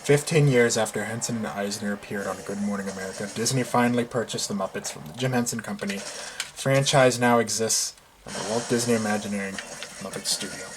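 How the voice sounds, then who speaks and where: A man reading an article aloud during a gaming session, flat and hurried. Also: fairly low pitch, noisy background. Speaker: gaming co-player.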